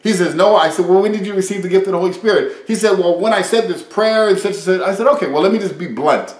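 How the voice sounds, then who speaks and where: A man preaching an informal sermon, reading scripture and retelling conversations in a lively, conversational way. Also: sits high, fast, echoey room, poor audio.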